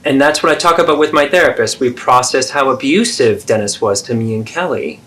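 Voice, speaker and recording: A man's voice: medium pitch, a little fast, fairly bright tone. A man, therapist and host, acting out an adult child confronting a parent in a role-play, earnest and pleading.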